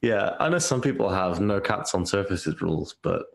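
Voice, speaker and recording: A man's voice: sits low, lively intonation, normal speed, vocal fry. A man co-hosting a casual gaming podcast over a remote call, chatty and telling stories. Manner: chatty, storytelling. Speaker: podcast co-host. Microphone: remote call mic.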